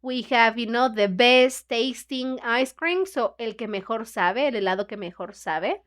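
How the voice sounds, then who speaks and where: At a moderate pace, a Spanish-speaking woman retells a story to English learners in her book club, her voice on the high side and a bit bright. She's a chatty teacher who fills her talk with "you know, like" and acts out the lines.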